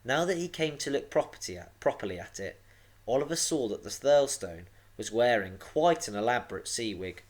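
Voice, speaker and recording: Man, teacher, children's storybook read-aloud, expressive, very lively pitch. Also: normal speed. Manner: expressive, dramatic reading.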